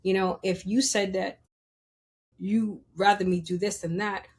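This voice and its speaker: A woman's voice: medium pitch, steady tone, a little slow, slight background noise. A woman guesting on a podcast, telling candid stories about herself in a blunt, profane, playful way and acting out quoted people with big jumps in her voice. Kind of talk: candid conversational storytelling.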